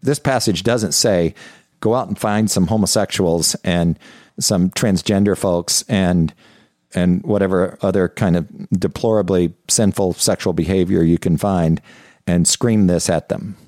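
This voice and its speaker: A man's voice: low-pitched, steady tone, a little slow, darkish tone, no room sound, clean studio sound. A middle-aged male pastor preaching a sermon in an earnest, confessional way, often repeating and restarting phrases.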